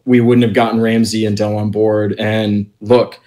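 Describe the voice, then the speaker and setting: A man voicing a grateful, battle-hardened male fighter in a tabletop game, speaking in a plain, low way. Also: flat delivery, moderate pace, warm tone, close to an everyday voice.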